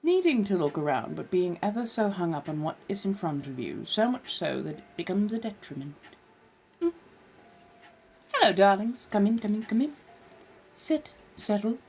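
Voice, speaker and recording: A woman's voice: medium pitch, very animated, normal speed, gravelly, darkish tone, slightly rough. A woman hosting a live stream in character as an ancient vampire, chatting and reading tarot with theatrical, old-fashioned genteel phrasing.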